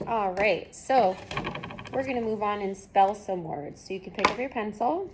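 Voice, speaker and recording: A woman's voice: mid-range voice, normal speed, noisy background. Patient, encouraging woman reading tutor. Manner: patient, encouraging, gives step-by-step prompts. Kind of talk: one-on-one phonics lesson.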